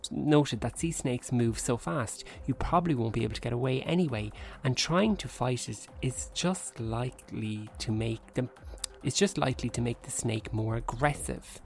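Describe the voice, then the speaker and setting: A man's voice: medium pitch, moderate pace, creaky. A man co-hosting a casual podcast, reading news aloud and breaking off into jokey asides. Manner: reads aloud with asides and laughter. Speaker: podcast co-host.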